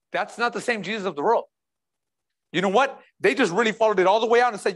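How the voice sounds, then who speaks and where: A man's voice: high voice, fast, a bit bright. A man preaching a passionate sermon as pastor, repeating rhetorical questions and talking in a casual, conversational way.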